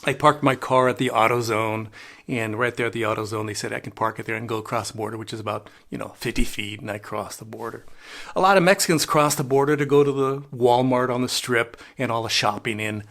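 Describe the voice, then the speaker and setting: A man's voice: mid-range voice, fairly quick, a bit bright. An older man telling rambling travel stories in a casual vlog, chuckling and dropping in Spanish phrases. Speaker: travel vlogger. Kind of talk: casual storytelling monologue.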